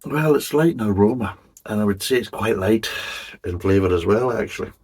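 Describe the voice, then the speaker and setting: A man's voice: lowish voice, lively intonation, brisk, a little mellow, husky. A middle-aged man reviewing a beer in a chatty, rambling way, swearing casually as he goes.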